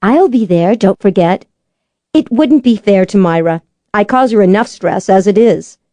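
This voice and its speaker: A woman's voice: mid-range voice, expressive, warm tone, dry recording, natural voice. A woman voicing a defensive, independent young heroine in an audiobook. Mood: firm. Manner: quick, defensive. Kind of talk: audiobook character voice.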